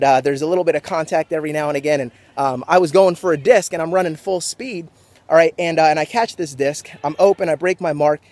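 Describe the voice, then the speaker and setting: Fired-up young man with a high voice. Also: no room sound. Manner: energetic, pumped up, preachy. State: just off a sports game. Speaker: motivational vlogger. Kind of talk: motivational talk to camera.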